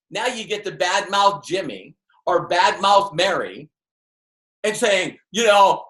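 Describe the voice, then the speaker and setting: A man on a seminar stage, speaking with a fairly high, lively voice that swings up and down as he drives his points home. He throws rhetorical questions at the crowd, and the sound rings in a roomy, echoey space. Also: unhurried. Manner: emphatic, rhetorical questions, acts out quoted voices. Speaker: network marketing trainer. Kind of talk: motivational seminar talk. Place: room with a live audience. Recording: roomy echo.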